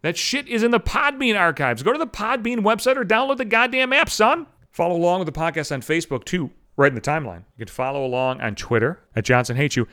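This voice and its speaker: A man's voice: high voice, lively intonation, quick pace, bright, forceful tone. A man hosting his podcast in a profane solo rant, swearing constantly and mocking other people's voices as he quotes them. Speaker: podcast host.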